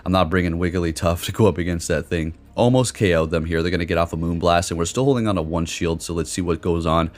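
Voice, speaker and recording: Deep-voiced guy talking through his game battles, hyped, swears a bit. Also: fast, few pauses. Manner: excitable, swears now and then. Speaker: gaming commentator. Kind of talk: casual game commentary.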